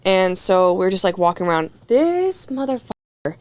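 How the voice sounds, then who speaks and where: Young woman, podcast guest, casual chat, profane, filler-heavy, acts out quotes, mid pitch. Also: big pitch swings, moderate pace, no room sound.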